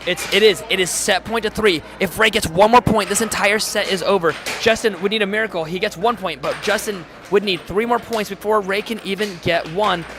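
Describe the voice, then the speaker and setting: Male live-stream commentator, high, hoarse, chatty, noisy venue. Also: brisk, few pauses. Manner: excitable, chatty, reads chat aloud. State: voice going hoarse. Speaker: air hockey commentator and streamer. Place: tournament hall.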